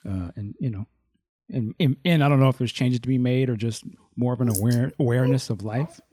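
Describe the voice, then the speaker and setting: Male co-host, warm low tone, reflective and supportive, dry recording. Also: a little fast, dry recording. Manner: supportive, reflective, loose with fillers. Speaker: podcast co-host. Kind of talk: casual chat.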